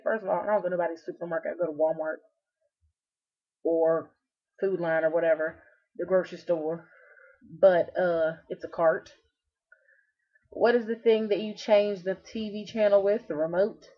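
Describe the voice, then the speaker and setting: A young woman from Virginia with a Southern American accent, casually vlogging and answering questions with sassy, joking asides. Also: mid-range voice. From Roanoke, Virginia. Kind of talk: casual self-recorded vlog. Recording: slightly muffled lo-fi webcam audio.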